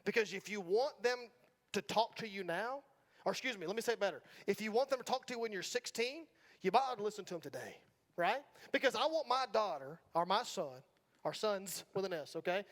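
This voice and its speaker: A man's voice: high-pitched, a bit bright. A middle-aged man with a Southern US accent preaching a sermon in a church, talking with the congregation in a casual, joking way and often checking in with "right?". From Georgia, US. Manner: conversational, asks the congregation "right?" often, jokes. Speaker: pastor. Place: church sanctuary.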